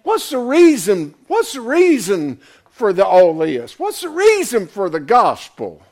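An older man preaching a folksy, emphatic sermon, swinging from loud to quiet. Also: high-pitched, huge pitch swings, unhurried. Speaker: pastor.

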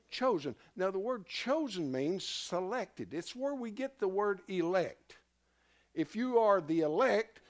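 A man teaching a Bible class in a loose, conversational way, often stopping to quiz his listeners and restarting his sentences. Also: high voice. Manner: animated, self-interrupting, asks the class questions.

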